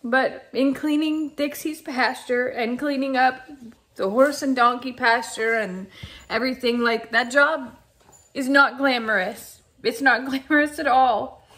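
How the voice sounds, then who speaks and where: A woman's voice: high-pitched, a little slow, a bit bright. A young woman chatting casually to her vlog audience about farm life. She gushes with emotion, often laughing and sighing as she talks. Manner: gushing and emotional, frequent laughs and sighs. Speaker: farm vlogger. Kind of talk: casual vlog chat to camera.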